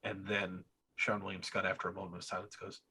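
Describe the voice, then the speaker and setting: A man's voice: deep voice, little pitch movement, a little fast, bright, forceful tone, slightly rough. A man co-hosting a podcast, telling a story in a casual, hesitant way. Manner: storytelling, hesitant with many restarts. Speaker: podcast co-host. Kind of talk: casual chat.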